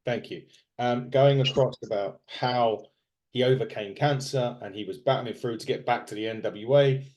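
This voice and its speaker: Medium in pitch with a darkish tone, the man keeps a moderate pace. As a podcast co-host recapping wrestling in casual conversation, he rambles, using many fillers and restarts.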